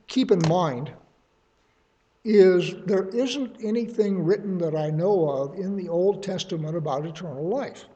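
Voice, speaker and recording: Guy teaching a bible study, kinda high voice, chatty asides, muffled lo-fi sound. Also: a little mellow. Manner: conversational, thinking aloud with asides.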